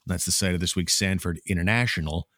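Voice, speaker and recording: A man's voice: sits low, fast talker, a bit bright, no room sound, studio quality. A man hosting a casual sports podcast, talking in an easygoing way with many fillers. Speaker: podcast host.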